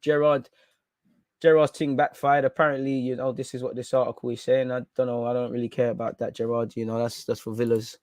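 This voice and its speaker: A young man hosting a live football reaction stream, ranting loudly and mockingly in street slang. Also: medium pitch, little pitch movement, a little fast, no room sound, studio quality. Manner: loud, mocking, slangy, reads quotes aloud sarcastically. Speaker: football fan channel host.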